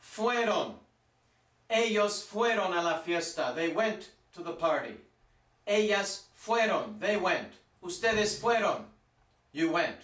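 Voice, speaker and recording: Male teacher, high voice, slow and deliberate, recorded from a distance in a roomy space. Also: fairly bright tone. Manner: plain, repeats and stresses forms slowly. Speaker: Spanish teacher. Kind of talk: classroom grammar lesson. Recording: echoey room, mic at a distance.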